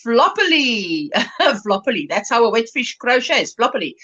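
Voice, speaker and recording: A South African woman chats playfully and giggles as she hosts a crochet livestream and reads out viewer comments. Her voice is high, bright and very lively. The audio sounds slightly muffled. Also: moderate pace. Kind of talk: casual chat reading viewer comments.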